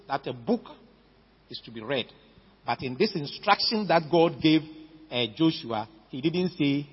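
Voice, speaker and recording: A man's voice: on the high side, husky. A man with a Ghanaian English accent preaching a sermon, stressing key words and often repeating himself. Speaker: pastor. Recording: dull lo-fi recording in a reverberant hall.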